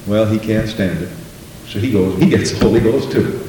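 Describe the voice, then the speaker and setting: A man's voice: normal speed, warm tone, slight background noise. A man preaching a sermon in a church, asking questions and acting out quarrels between people. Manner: rhetorical, acts out quoted dialogue with pitch jumps. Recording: very echoey room, voice far from mic.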